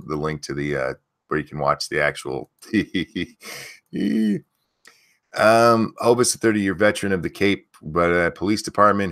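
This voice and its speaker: A low-voiced man hosts a live-stream news rant. He talks bluntly and sarcastically and swears freely. His voice jumps up loud when something annoys him. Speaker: streamer host reading news.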